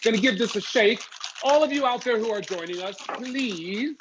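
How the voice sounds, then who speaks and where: A man's voice: very high-pitched, expressive, normal speed, highs cut off, background noise. A man hosting a casual live chat, playful and camp, putting on a mock-posh accent. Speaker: host.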